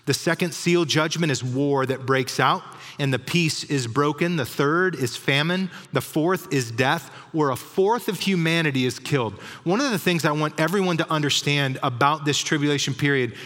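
A man preaching a conversational sermon as a pastor, explaining scripture with animated asides. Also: on the high side, normal speed. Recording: long reverb of a large hall.

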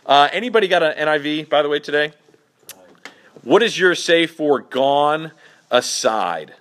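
Animated joking male Bible teacher. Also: a little high, measured pace. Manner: animated, joking and mocking as he explains. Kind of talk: casual Bible study teaching.

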